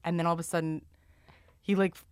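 Lower-voiced woman co-host, crude and joking. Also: little pitch movement, fast, clear, resonant tone, no echo. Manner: loose, crude humor with loud laughs. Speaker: podcast co-host. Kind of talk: casual chat.

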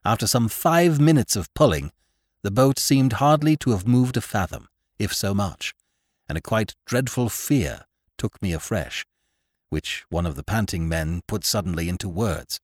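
A man reading a first-person horror story as an audiobook narrator, hushed and suspenseful, swelling on tense moments. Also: on the low side, animated, normal speed, no echo, studio quality.

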